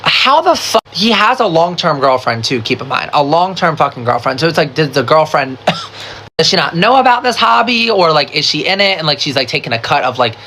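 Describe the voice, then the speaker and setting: Speaking fairly quickly in a mid-range voice, with a bit of noise behind them, this person tells a story for a casual storytime video. It's a chatty, animated, dramatic retelling packed with swearing, "like" fillers everywhere, and voiced quotes from others.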